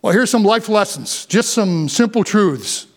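Man, older, pastor, high voice, fervent sermon delivery. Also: lively intonation, unhurried. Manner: impassioned preaching, rising to near shouts.

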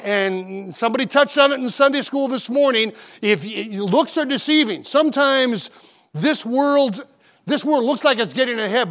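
Guy preaching in a church, highish voice, folksy earnest storytelling, pulpit mic. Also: a bit bright. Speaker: pastor. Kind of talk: sermon with opening prayer. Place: church auditorium.

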